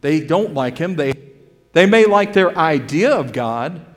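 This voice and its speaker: A male pastor preaching a sermon earnestly, calling his listeners "folks" and swinging between loud emphasis and quiet drops. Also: fairly high pitch, expressive, a little slow, in a large hall. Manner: addresses the congregation directly as "friends" and "folks". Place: church sanctuary.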